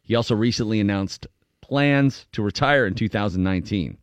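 A man's voice: fairly low pitch, normal speed, no room sound. A man hosting a casual radio show, reading entertainment headlines and joking, laughing often. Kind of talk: casual news banter.

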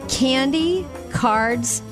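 A woman's voice: high-pitched, expressive, drawn-out words, music in the background. A woman co-hosting a casual radio chat, teasing and laughing often. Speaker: radio co-host.

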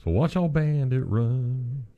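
A man co-hosting a sports talk show, firing off dry, quick comebacks in casual chat. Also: medium pitch, phone-quality sound.

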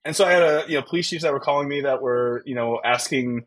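A man's voice: medium pitch, fast talker, a bit bright. A man in his thirties, a podcast guest, telling a personal story in an earnest, reflective way with many fillers and restarts. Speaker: podcast guest, tech founder.

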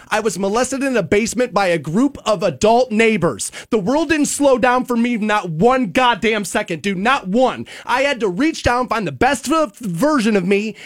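A male podcast host ranting in a heated, emphatic way, swearing freely. His voice sits high for a man, and the sound is dry and close with no room around it. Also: a bit bright, dry recording. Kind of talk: opinionated podcast rant.

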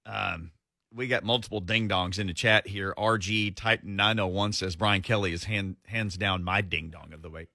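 A male sports talk co-host with a lowish, bright, forward voice who trades sarcastic jokes in easy back-and-forth. He is recorded dry and close, with no room echo. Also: steady tone, moderate pace. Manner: joking, sarcastic commentary. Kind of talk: casual sports talk chat.

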